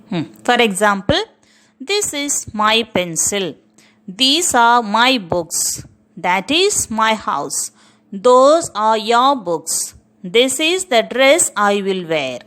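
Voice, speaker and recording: A woman's voice: on the high side, a bit bright. A woman teacher giving a grammar lesson, speaking patiently and often checking with "okay" and "understood".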